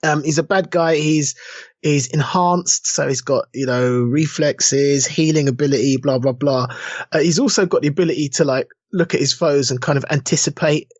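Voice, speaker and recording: Guy on a podcast, acts out quotes all excited, dull dry lo-fi sound. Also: on the high side, moderate pace, dry recording. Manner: animated, acts out quotes in different voices. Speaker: podcast co-host. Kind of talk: casual chat.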